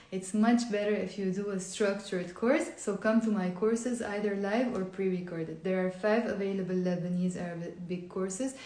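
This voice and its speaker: A woman with a fairly high voice runs a live online lesson. She chats as she goes and keeps coaxing listeners to repeat after her. The sound is roomy, with echo off the walls. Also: darkish tone. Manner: chatty, encouraging, coaxes viewers to repeat aloud. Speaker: Lebanese Arabic teacher. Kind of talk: live-streamed language lesson. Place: indoor room at a whiteboard.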